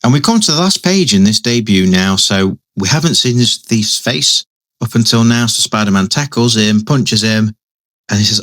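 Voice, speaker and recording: Low-voiced male reviewer, conversational, asks rhetorical tag questions. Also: animated, moderate pace, a bit bright. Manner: chatty, tag questions, frequent restarts. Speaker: comic book reviewer. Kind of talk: casual panel-by-panel commentary.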